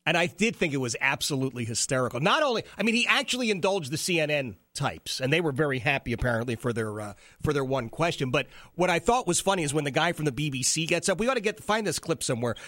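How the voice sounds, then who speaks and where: Animated, sarcastic male talk host. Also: fairly high pitch, fast, hardly any pauses, no echo, studio quality. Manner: animated, sarcastic, mimics people he quotes. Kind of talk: opinionated talk radio commentary.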